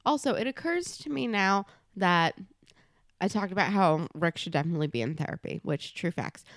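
Lively low-voiced woman chatting. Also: normal speed, no room sound, studio quality. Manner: animated, self-correcting asides. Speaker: podcast guest or co-host. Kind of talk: casual chat about a TV show.

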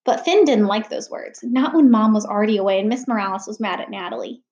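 A woman reading a children's novel aloud with expressive storytelling over a video call. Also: medium pitch, quick pace, muffled recording. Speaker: reader leading a read-aloud. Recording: roomy echo.

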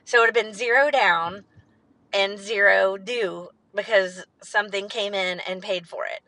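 A woman's voice: mid-range voice, a little slow, pushed and bright, dry recording, rough recording. A woman hosting her own podcast, talking in a rambling, candid way with fillers and the odd swear word. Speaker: podcast host. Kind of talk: casual solo podcast monologue.

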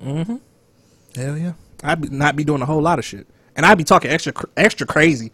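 A young man, joking loudly and then dropping low as a podcast co-host. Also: fairly quick, slightly rough, no room sound. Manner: animated, joking, swings loud and soft. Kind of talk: casual podcast chat.

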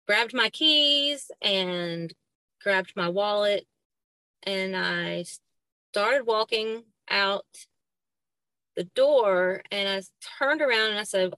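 A middle-aged woman with a Southern accent, a podcast guest telling a personal story in a halting way, with many fillers and restarts, acting out the dialogue she quotes. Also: mid-range voice, sharp tone, smooth, dry recording.

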